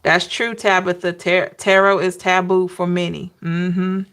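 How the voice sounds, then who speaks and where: An unhurried woman chats with her livestream viewers, laughing often and calling out names from the chat. She talks like a tarot reader sharing stories, loose and conversational. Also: on the low side, little pitch movement, fairly bright tone, smooth. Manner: laughing, chatty, addresses chat by name.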